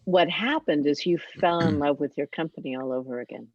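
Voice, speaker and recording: An older woman speaking as an interview guest, reflective and halting, with pauses and fillers. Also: sits low, crowd noise. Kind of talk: casual interview talk. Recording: dull, dry lo-fi remote audio.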